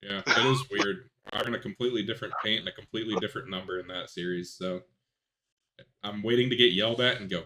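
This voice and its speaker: A man hosting a podcast, talking casually about sim racing and telling rambling, animated stories. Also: on the low side, fast. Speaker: podcast host.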